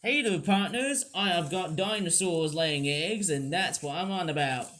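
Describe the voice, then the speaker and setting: Folksy penguin cowpoke with a put-on American twang, high and drawling, voiced by a man. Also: moderate pace, fairly bright tone. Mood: jolly. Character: hillbilly cowboy penguin toy rancher.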